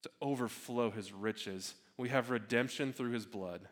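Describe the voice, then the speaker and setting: A young man preaching a sermon as a pastor, earnest, repeating words and dropping to a hush on key phrases. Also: medium pitch, measured pace, big-room sound. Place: church sanctuary.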